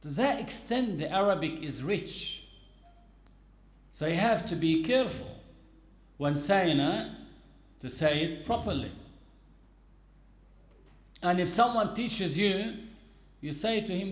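Slow, high-voiced man teaching. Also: animated, echoey room. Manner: patient, explanatory, repeats key points. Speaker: Islamic teacher. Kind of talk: religious lesson.

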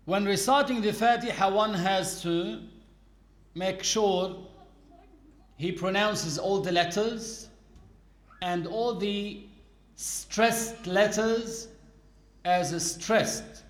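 Slow-spoken man teaching in an echoey room. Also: high-pitched. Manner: deliberate, explaining with everyday examples. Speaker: Islamic teacher. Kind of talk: religious lesson.

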